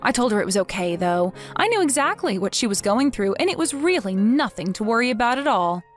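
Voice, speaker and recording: A woman acts out a cold, taunting young wife from a text-message story drama. She speaks with a fairly high voice and a sarcastic, mocking edge. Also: big pitch swings, a little fast, faint music behind.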